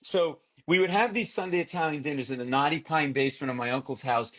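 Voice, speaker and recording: A man tells comic stories as a guest, quick and animated, tagging his lines with "right?". His voice sits a little high. The sound is dull and lo-fi. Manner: animated, rapid storytelling with frequent "right?" asides. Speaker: comedian guest. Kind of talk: comic storytelling.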